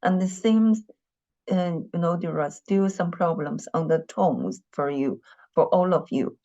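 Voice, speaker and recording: Explaining tones in a classroom lesson, this Mandarin teacher has a fairly low, mellow voice. Mandarin Chinese is her first language, and she's slow and patient, going over each point twice with frequent "you know" fillers. Audio quality is dull and lo-fi.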